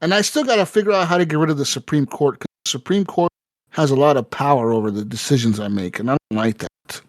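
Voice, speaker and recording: A mid-range male voice talks quickly on a clean, echo-free studio recording. He's co-hosting a casual gaming podcast, telling a rambling, profane story packed with fillers and acted-out quotes.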